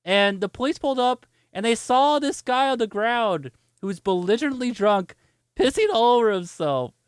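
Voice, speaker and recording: A man's voice: very high voice, expressive, moderate pace, clear, resonant tone, no echo. A man streaming games, chatting casually and telling a story with lots of laughter while answering viewer chat. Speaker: gaming streamer.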